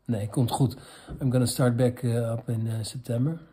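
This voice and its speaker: A man with a Dutch accent, a native Dutch speaker, hosting a comedy vlog and reading out viewer questions in a crude, rambling, halting way. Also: mid-range voice, fairly even intonation, warm tone. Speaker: host.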